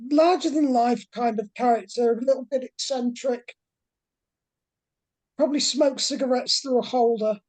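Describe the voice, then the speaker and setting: A woman's voice: on the high side, darkish tone. A woman, a tabletop game player, chatting and describing characters with easy laughs. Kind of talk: tabletop role-play chat.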